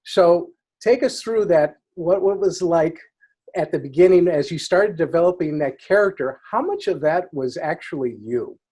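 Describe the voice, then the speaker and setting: A man's voice: fairly high pitch, lively intonation, moderate pace, dark tone, slightly rough. A man hosting a podcast interview, asking eager, rambling questions. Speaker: podcast host.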